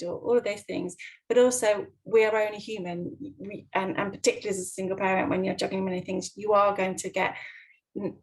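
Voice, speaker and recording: A woman clinical psychologist giving advice in a gentle way, with many ums and restarts. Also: medium pitch, level tone, brisk, rough recording. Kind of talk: advice talk.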